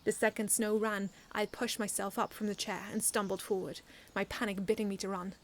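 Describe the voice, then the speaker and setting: A woman's voice: mid-range voice, fairly quick, slight background noise. Woman earnestly reading her own story. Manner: earnest, expressive reading with frequent restarts. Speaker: fan fiction author reading aloud. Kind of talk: first-person story reading.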